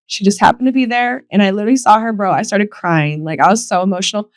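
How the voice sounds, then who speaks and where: On her solo podcast, a young woman speaks at a quick pace in a medium pitch, recorded dry. Her casual storytelling is frank and emotional, full of free swearing and acted-out quotes.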